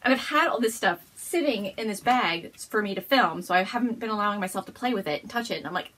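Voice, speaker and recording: A woman's voice: medium pitch, expressive, quick pace, a bit bright. A woman hosting a casual show-and-tell episode at home, gushing and bubbly, often laughing as she talks. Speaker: podcast host.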